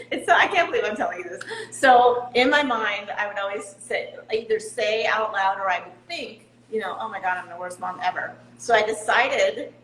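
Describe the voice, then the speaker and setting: A woman's voice: mid-range voice, a bit bright, roomy sound, slight background noise, low-quality recording. A middle-aged woman talking candidly as an interview guest, laughing at herself now and then. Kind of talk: casual interview talk.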